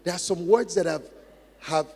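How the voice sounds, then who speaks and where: A man's voice: high voice, normal speed, a little mellow, husky. A man preaching a sermon as pastor, emphatic, repeating key phrases and acting out practice drills. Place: large church hall. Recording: long hall reverb.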